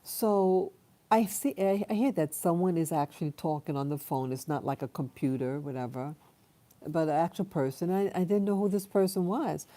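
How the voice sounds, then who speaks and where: A woman vlogger telling a personal story in a halting, rambling way with many fillers and restarts. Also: lowish voice, steady tone, dark tone.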